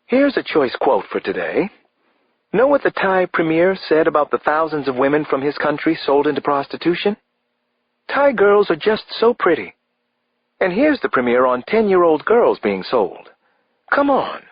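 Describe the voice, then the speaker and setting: A male narrator voicing a droll female FBI analyst with a deadpan, wry delivery, his voice raised. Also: sits low, normal speed, breathy edge, dry recording, pitched above the performer's own voice, exaggerated voice. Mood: sardonic. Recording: slightly dull, dry audiobook recording.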